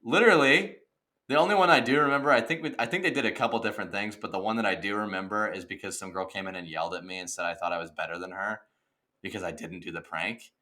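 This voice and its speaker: A young man co-hosting a podcast, telling a story in a casual, animated rant and saying "dude" and "okay" a lot. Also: lowish voice, fast talker. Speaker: podcast co-host. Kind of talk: casual chat.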